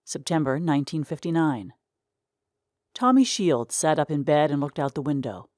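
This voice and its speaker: A woman narrating a short story in a measured, even reading voice. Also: low-pitched, dry recording, clean studio sound. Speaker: reader.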